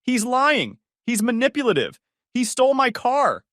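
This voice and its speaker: A man voicing an enraged young woman who spits out shrill accusations in a storybook narration. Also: wildly swooping pitch, normal speed, fairly bright tone, dry recording, clean studio sound, heavily acted. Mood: screaming. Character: furious young woman screaming insults.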